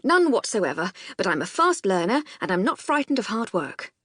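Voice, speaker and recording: Brief: eager scruffy young man, panting and cheerful, husky, dry close read. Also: mid-range voice, big pitch swings, normal speed, a bit bright, no echo. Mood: breathless eager. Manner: breathless, eager, apologetic. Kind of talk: audiobook character voice.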